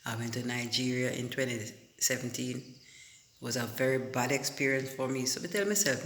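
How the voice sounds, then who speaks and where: A Jamaican man speaks straight to his viewers in a loose, animated way, with "you know" dropped between phrases. His voice sits at an ordinary middle pitch. The room around him rings with a noticeable echo. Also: moderate pace. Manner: animated, addresses viewers as guys, many you-knows. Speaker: vlogger. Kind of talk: casual storytelling to camera.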